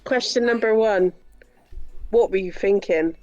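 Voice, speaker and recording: A woman's voice: medium pitch, a little slow, darkish tone, muffled recording. A woman guest on a casual online video call, teasing and blunt. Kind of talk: casual online hangout chat.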